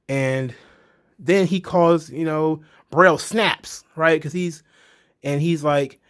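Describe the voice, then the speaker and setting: A man's voice: a little high, takes it slowly, fairly bright tone. A man giving a casual, blunt movie review, rambling and swearing freely.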